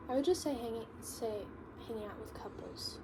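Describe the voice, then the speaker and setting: A bubbly teenage girl with a somewhat high voice swapping stories with her friend in a casual Q&A. She talks quickly and loosely, and the recording carries noticeable background noise. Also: distant mic. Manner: bubbly, quick storytelling, lots of "like". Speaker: friend and co-host. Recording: noisy home recording.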